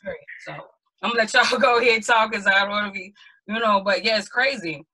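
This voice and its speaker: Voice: mid-range voice, quick pace, sharp tone, poor audio. A speaker in a casual group discussion, talking emphatically and bluntly and stressing points with a firm "period". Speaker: panel participant.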